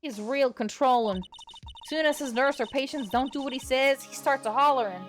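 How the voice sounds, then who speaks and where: A woman voicing a nosy, excitable young female photographer in a put-on Southern drawl, reading video game lines. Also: sits high, normal speed, soft background music, lightly acted. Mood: gossipy. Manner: loud, excitable, folksy. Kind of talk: playing a game's dialogue aloud.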